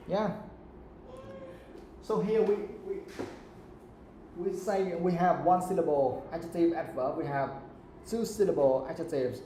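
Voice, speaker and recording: A male teacher explains English grammar to a live class. His voice sits a bit high and sounds mellow. The room is echoey, with faint background noise. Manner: checks understanding with repeated questions.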